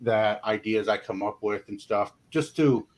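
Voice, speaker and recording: A man talking as a paranormal investigator guest in a casual interview, rambling and folksy, filling pauses with "you know". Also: fairly low pitch.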